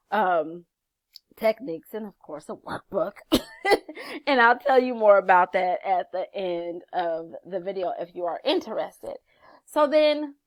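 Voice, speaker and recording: A chatty woman gives a casual motivational talk straight to camera, animated and acting out little quotes as she goes. Her voice sits at a middle pitch and sounds dry and close. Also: dry recording. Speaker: channel host, life coach.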